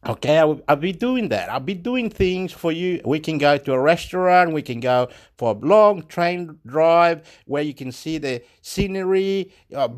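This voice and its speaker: A man's voice: a little high, lively intonation, moderate pace, few pauses. A man from Chile, speaking English with a Chilean Spanish accent, talks to the camera in a rambling, repetitive, emphatic monologue and swears now and then.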